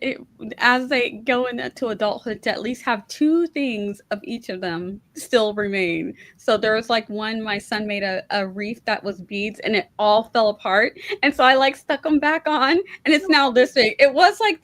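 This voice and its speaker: Woman host, high voice, dry close sound, chatty, laughing, casual video call chat. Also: normal speed, hardly any pauses, fairly bright tone, no room sound.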